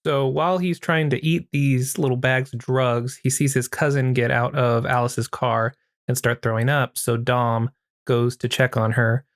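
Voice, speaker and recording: A man's voice: medium pitch, flat delivery, unhurried, dry recording, clean studio sound. Casual crude-humored man recapping a movie. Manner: crude, joking retelling with acted quotes. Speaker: podcast host.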